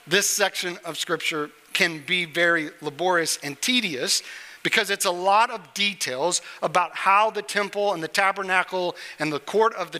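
A middle-aged male pastor preaches in a relaxed, joking way, his voice sitting high and sounding bright and forceful. The sound carries a long reverb from a large church hall. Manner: conversational, joking with the congregation. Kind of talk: sermon. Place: church sanctuary on stage.

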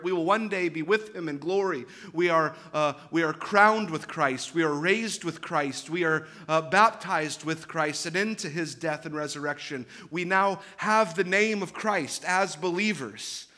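Preaching in a fairly high, bright, forward voice, a pastor in his thirties speaks with earnest, emphatic conviction. He drifts into relaxed conversational asides and often restarts or repeats phrases while building a point.

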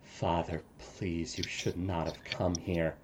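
A man voicing a grieving young male villain who speaks in a hushed, sorrowful way. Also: low-pitched, fairly even intonation, slow pace, slight background noise, pitched below the performer's own voice. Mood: hushed grief.

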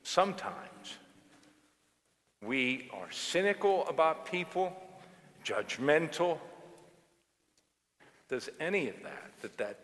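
A man preaching a sermon like someone telling a story, relaxed and unhurried. His voice sits mid-range and carries a long reverb around the church. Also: fairly high pitch. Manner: storytelling, conversational, animated. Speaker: pastor.

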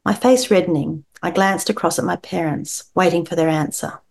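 A woman author reads her novel aloud with expressive shaping, then chats in a relaxed way. Her voice sits fairly low, and her talk is full of quick restarts. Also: gravelly. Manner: expressive reader, chatty with restarts. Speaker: novelist guest. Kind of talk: reading aloud and interview chat.

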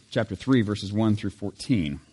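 A man serving as pastor, leading a church service with prayer and scripture reading, reading in a measured way and lifting his voice on key lines. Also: lowish voice, expressive, darkish tone, slightly rough, long reverb tail. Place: church sanctuary.

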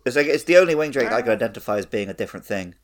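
A man co-hosting a podcast, joking and laughing through casual chat. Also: mid-range voice. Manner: animated, jokey, quick to laugh. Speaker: podcast co-host.

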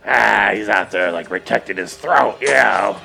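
A man putting on a gruff, hoarse, shouting voice of an angry middle-aged man, as if speaking through a cigarette. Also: on the low side, normal speed, faint music behind, heavily acted. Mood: yelling.

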